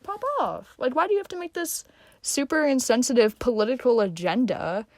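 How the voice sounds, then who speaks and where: Young woman vlogger, sarcastic and slangy, lively pitch, brightish voice. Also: normal speed, no room sound, studio quality. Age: young adult. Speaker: vlogger, host. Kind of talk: casual reaction commentary.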